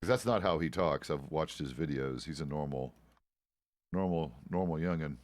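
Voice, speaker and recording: A man's voice: rumbling low, normal speed, no echo. A man streaming a western roleplay game, chatting casually in character as a deputy with loose, profane, rambling asides.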